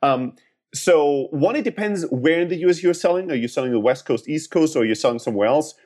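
A man's voice: on the high side, animated, fairly quick, a little mellow. A man explaining sales advice to startup founders in a podcast interview, talking in long, earnest, winding answers.

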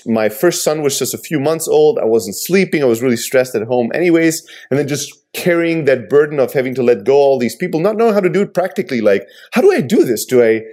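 A man's voice: mid-range voice, expressive, quick pace, few pauses, dark tone. A man in his thirties hosting a conversation, an entrepreneur speaking earnestly and reflectively about hard times. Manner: earnest, reflective, candid with mild swearing. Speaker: podcast host, entrepreneur. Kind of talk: casual conversation.

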